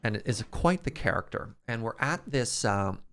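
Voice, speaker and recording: A man streaming a game, chatting casually and telling stories in an animated way to his chat. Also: mid-range voice, normal speed. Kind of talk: casual storytelling while playing.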